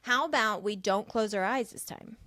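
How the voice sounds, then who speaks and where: A woman's voice: medium pitch, normal speed, sharp tone, dry recording. A young woman co-hosting a podcast in casual, teasing chat. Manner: playful, teasing, laughs often. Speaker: podcast co-host.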